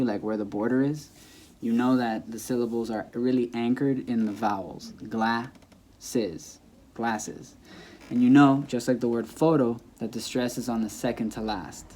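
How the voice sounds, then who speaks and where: A man's voice: mid-range voice, steady tone, brisk, mellow. A young man teaching a casual lesson, repeating example words with shifted stress and correcting himself as he goes, recorded on a camera mic without a clip mic. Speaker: Spanish teacher.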